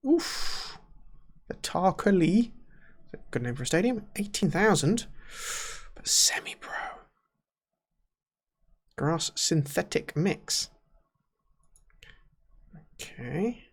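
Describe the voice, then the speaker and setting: A young man thinking aloud as he plays a management game, muttering to himself and often trailing off quietly. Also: on the high side, vocal fry. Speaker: gaming YouTuber. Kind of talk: casual let's-play commentary.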